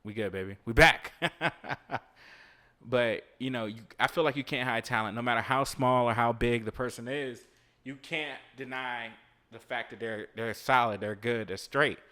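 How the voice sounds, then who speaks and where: A relaxed man of middle pitch talks off the cuff as a podcast host, giving motivational advice to his listeners. He swears, laughs easily and comments on the video game he is playing as he goes. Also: moderate pace. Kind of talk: casual motivational monologue.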